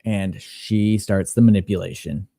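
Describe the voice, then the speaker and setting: A man on a podcast panel telling a personal story in a casual, animated and profane way. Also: lowish voice, measured pace, gravelly, dry recording, clean studio sound.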